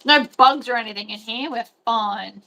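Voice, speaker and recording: A woman's voice: on the high side, moderate pace, vocal fry, bright, forceful tone. A woman chatting casually and rambling while she sews. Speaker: sewing host. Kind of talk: casual chat while sewing.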